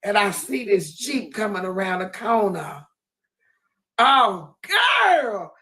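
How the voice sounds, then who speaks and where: A woman telling a comic story in a persona, animated and dramatic, repeatedly exclaiming and swinging between loud outbursts and hushed asides. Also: mid-range voice, normal speed. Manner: animated, exclaims "oh, girl" over and over.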